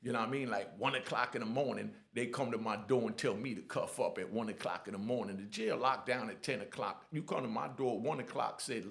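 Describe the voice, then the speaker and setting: Gravelly middle-aged man telling street stories. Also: mid-range voice, brisk, hardly any pauses. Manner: lively, blunt street talk with "you know what I mean". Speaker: storyteller sharing prison stories. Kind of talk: casual storytelling.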